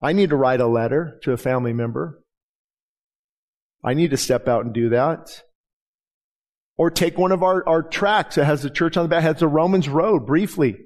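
Pastor guy, middle-aged, talks kinda high, preaches casual and acts out little stories. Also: moderate pace, pauses often, darkish tone. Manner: conversational preaching, acts out dialogue in anecdotes. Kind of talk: sermon.

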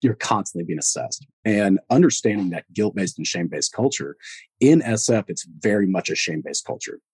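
Husky-voiced former soldier telling stories. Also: male voice, lowish voice, brisk, no echo. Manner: animated storyteller who acts out quoted voices and laughs often. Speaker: podcast guest, former Army Green Beret. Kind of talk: casual storytelling conversation.

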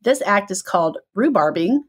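A middle-aged woman co-hosts a relaxed chat, reading listener notes and telling family anecdotes. She talks freely and laughs often, with a voice of ordinary pitch. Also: moderate pace, husky. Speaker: podcast co-host.

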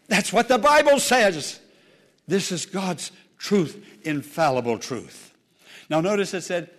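A man preaching a sermon as pastor, fervent and exhorting, repeating phrases with dramatic swings in delivery. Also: sits high.

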